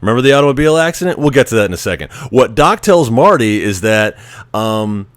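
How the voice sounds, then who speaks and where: Very animated and quick, a podcast host with a medium-pitched voice chats offhandedly about a film, with no echo. He rambles, restarts often, and dramatizes quoted dialogue.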